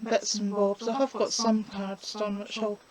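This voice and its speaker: A woman's voice: mid-range voice, little pitch movement, a little mellow, low-quality recording. A woman, chatting casually while demonstrating a colouring craft. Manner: chatty, unhurried, talks while working.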